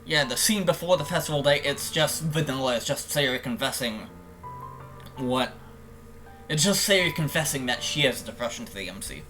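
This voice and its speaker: A man's voice: fairly high pitch, big pitch swings, normal speed, bright, forceful tone, soft background music. A young man streaming a game, giving jokey, profane commentary and openly admitting his nerves.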